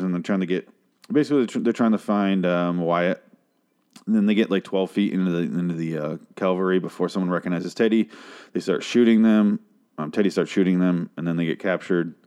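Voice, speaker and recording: A man's voice: low-pitched, fairly quick, a little mellow. A man casually recapping a TV episode, rambling, sarcastic and swearing freely.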